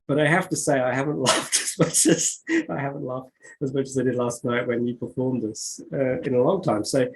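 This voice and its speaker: A man's voice: medium pitch, steady tone, a little fast, a little hiss or hum, poor audio. A man, a poet being interviewed who talks with many fillers and restarts and reads his own poems aloud. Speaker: poet and author. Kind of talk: conversational interview, reading poetry aloud.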